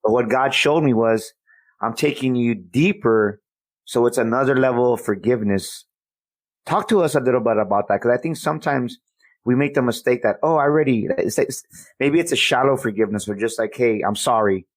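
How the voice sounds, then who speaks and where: A man's voice: mid-range voice, fast talker, no room sound. Earnest rambling male host. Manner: earnest, rambling, laughs easily. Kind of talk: casual interview chat.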